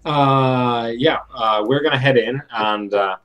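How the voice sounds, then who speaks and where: A man's voice: mid-range voice, slow pace, fairly bright tone, poor audio. A man playing a tabletop game, talking casually with many hesitant fillers. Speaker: player.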